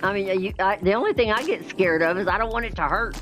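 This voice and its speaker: Woman in her 60s for a casual chat, animated storyteller who acts out dialogue, faint music behind. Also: mid-range voice, fast, dull audio. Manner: lively storyteller acting out quoted dialogue. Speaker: chat participant.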